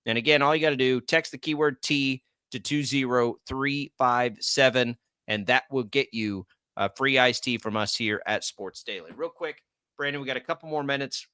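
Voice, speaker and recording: A bright, forceful man hosts a sports radio show with an American accent. He chats energetically and reads promos in a breezy way. The mic sound is dry and close. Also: medium pitch, normal speed, smooth, no room sound. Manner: chatty, energetic, reads ad copy. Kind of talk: casual sports talk radio.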